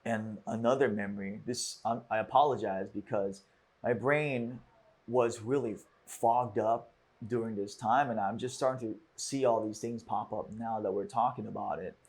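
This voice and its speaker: A man hosting a podcast, telling a personal story in a halting, reflective way with frequent restarts. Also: lowish voice, fairly even intonation, a little mellow, slightly rough. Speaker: podcast host.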